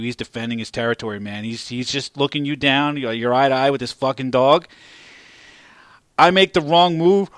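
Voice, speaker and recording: A man hosting a podcast, telling a story in a casual, profane and animated way. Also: medium pitch, no room sound. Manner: profane, animated storyteller who gets loud at climaxes. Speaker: podcast host.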